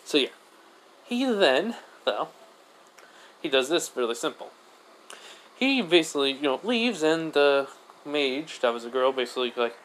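A man's voice: fairly high pitch, big pitch swings, unhurried, pauses often, a bit bright, slight background noise, low-quality recording. A man narrating a fan-made what-if story in a rambling, casual way. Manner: rambling, many fillers and restarts.

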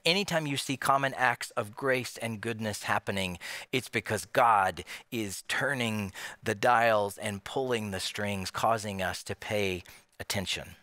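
A pastor delivers a sermon in a bright, forward voice, lively and full of rhetorical questions. He slips into the voices of imagined people to make his point. The sound is close and dry, with no room around it. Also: lowish voice, no echo. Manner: animated, with many rhetorical questions.

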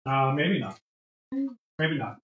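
A woman chats casually alongside the host of a live sale, keeping her replies short and relaxed. Her voice sits low for a woman. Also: slow pace, phone-quality sound, slight background noise. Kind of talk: casual chat.

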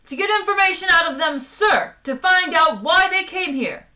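A woman's voice: very high voice, animated, fairly quick, pitched above the performer's own voice, full character voice. A woman voicing a furious, officious male officer who squeals and bellows his lines. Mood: insistent. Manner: yelling, squealing, hissing.

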